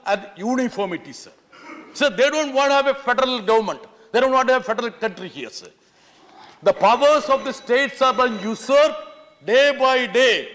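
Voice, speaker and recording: Man, high-pitched, impassioned, parliamentary speech, long chamber reverb. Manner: impassioned, keeps pleading "sir", sometimes shouting. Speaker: member of parliament.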